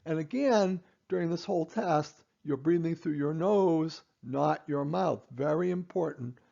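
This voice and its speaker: A man's voice: a little high, measured pace, gravelly, dark tone, dull audio. A man explaining a breathing test to patients, repeating and stressing key points with fillers and restarts. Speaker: clinician teaching patients. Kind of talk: instructional explanation.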